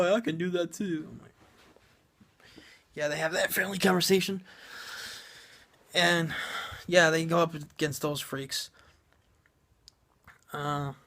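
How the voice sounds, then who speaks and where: A man's voice: high-pitched, a bit bright. A man giving a sarcastic, profane, rambling movie review full of fillers and restarts.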